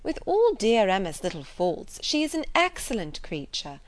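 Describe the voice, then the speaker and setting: A woman reading the part of a gentle, kindly middle-aged lady in an audiobook, speaking earnestly. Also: medium pitch, big pitch swings, normal speed, no room sound, close to an everyday voice.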